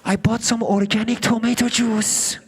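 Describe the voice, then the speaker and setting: A man's voice: extremely high pitch, little pitch movement, moderate pace, husky. A man voicing a pushy middle-aged mother who nags in broken English. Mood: coaxing. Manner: insistent, broken English, scolding. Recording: comedy club with loud crowd.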